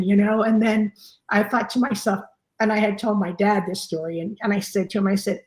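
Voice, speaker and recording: A woman's voice: medium pitch, steady tone, brisk, vocal fry. Older woman telling stories, roomy sound. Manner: rambling, many "you know" fillers. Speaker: fire chief guest. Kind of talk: conversational storytelling. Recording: roomy echo.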